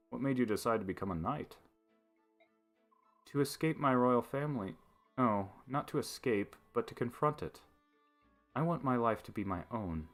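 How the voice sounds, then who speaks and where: A man voicing an earnest, sincere young noblewoman knight in a game, speaking softly and earnestly. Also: on the low side.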